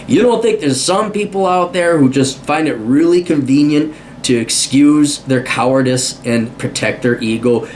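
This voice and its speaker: A man with a somewhat high voice delivers an unscripted opinion rant straight to camera. He is combative and sarcastic, swears freely, and trips over repeated words as he restarts his sentences. A faint hiss runs underneath. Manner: blunt and combative, with frequent cursing; stammers and restarts mid-sentence. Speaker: video commentator.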